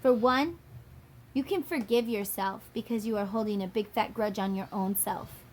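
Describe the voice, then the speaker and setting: A woman's voice: medium pitch, a little hiss or hum. A woman giving a channeled tarot reading to her viewers, musing aloud and dropping into acted quotes. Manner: drawn-out, musing delivery that dips into acted quotes. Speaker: tarot reader.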